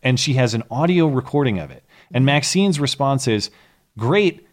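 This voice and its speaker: A man with a mid-pitched voice hosts a podcast of comedic news commentary. He runs through the story sarcastically and breaks into laughing asides. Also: animated, fairly quick. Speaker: podcast host.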